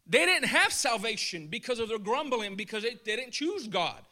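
High, bright-voiced preacher. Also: male voice, moderate pace, hardly any pauses. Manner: animated, colloquial, chuckles while preaching. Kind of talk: casual sermon.

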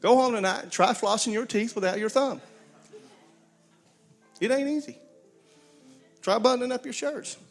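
A man's voice: extremely high pitch, moderate pace, long pauses, faint music behind. A man preaching a sermon, folksy storytelling with call-and-response to his congregation. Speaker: pastor.

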